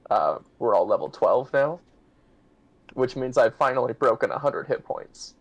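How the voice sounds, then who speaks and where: A man's voice: mid-range voice, expressive, moderate pace, lo-fi sound. A man playing in a tabletop game, talking in a plain, matter-of-fact way. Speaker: player.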